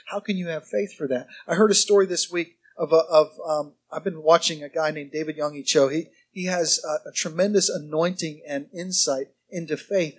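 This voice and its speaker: A male pastor preaching a sermon in a conversational, humorous way, often quizzing his congregation. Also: fairly high pitch.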